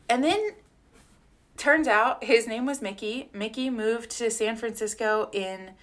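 Speaking at a measured pace in a voice on the high side, a podcast co-host shares a personal story. She's casual and heartfelt, using many fillers and swearing a little.

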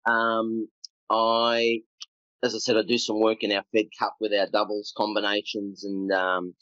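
A middle-aged tennis coach, a podcast guest, telling coaching stories in a relaxed, rambling way with frequent ums. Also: male voice, lowish voice, unhurried, clear, resonant tone, dry recording, lo-fi sound. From Australia. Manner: animated anecdotes with acted quotes, frequent ums. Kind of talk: conversational storytelling.

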